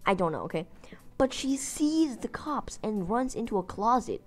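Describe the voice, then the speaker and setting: A woman's voice: fairly high pitch, sing-song, moderate pace. A woman telling a story in a casual vlog, rambling with lots of fillers and restarts. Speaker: gaming channel host.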